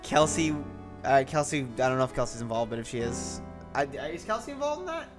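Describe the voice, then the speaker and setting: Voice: medium pitch, big pitch swings, brisk. A streamer chats loosely while playing, often swearing and trailing off into tangents. The voice sits in a middle range. Faint game music runs underneath. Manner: swears often, rambling, laughs a lot. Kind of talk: casual let's-play commentary.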